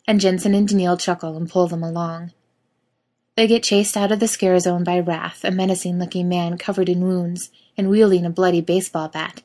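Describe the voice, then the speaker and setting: A woman reading a story aloud in steady narration. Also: lowish voice.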